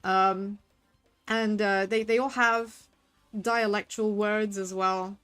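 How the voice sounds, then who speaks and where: A woman's voice: medium pitch, fairly even intonation, slow, fairly bright tone, clear, resonant tone, faint music behind. A woman with a Devon accent, streaming a game and chatting in a giggly, rambling way. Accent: Devon English. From Southwest England. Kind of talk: casual gaming commentary.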